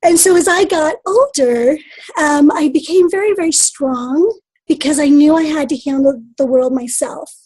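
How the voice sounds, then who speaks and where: A woman from the Midwest speaks as a podcast guest, reflecting earnestly on her past. Her voice sits high but has a mellow, warm tone. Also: moderate pace, poor audio. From Midwest of the United States. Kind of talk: personal storytelling in interview.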